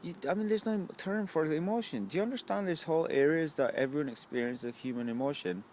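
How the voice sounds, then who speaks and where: A man's voice: a little high, quick pace, darkish tone, a little hiss or hum. A young man, rambling to the camera at a bus stop, swearing often and asking "right?" a lot. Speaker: vlogger.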